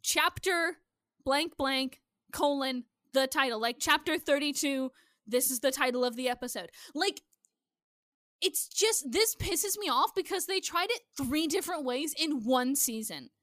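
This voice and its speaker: Woman, Midwestern accent, high-pitched, bright, passionate, swears often, casual podcast chat. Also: animated, a little slow, dry recording, studio quality. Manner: passionate, swears a lot, ranting. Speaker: podcast co-host.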